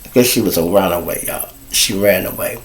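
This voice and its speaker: A man with a Chicago accent, hosting his own show and telling a street story in casual slang, calling the listeners y'all and jumping high in pitch when he quotes people. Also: a little fast, rough recording. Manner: animated, jumps to high pitch for quoted lines. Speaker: storyteller host.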